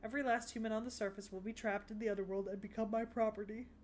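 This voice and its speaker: A woman voicing a haughty goddess who rules the underworld, grandiose and commanding but quickly flustered, in an English anime dub. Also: steady tone, a little hiss or hum, close to an everyday voice. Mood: resolute. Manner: grandiose and imperious, then flustered and shrill. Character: haughty goddess queen of the underworld, proud yet easily flustered.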